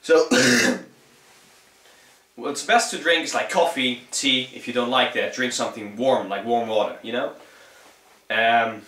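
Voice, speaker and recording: This young Dutch native from the Netherlands talks at an unhurried pace with long pauses, his medium-pitched voice pushed and bright. In accented English he offers a rambling, laid-back, profanity-laced vocal tutorial. It's captured from afar in an echoey space.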